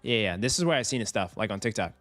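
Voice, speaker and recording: Animated young man chatting on stream. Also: fairly low pitch, fast talker, faint music behind. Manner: animated, chatty, talks to chat, laughs often. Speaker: finance livestreamer. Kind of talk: casual livestream chat.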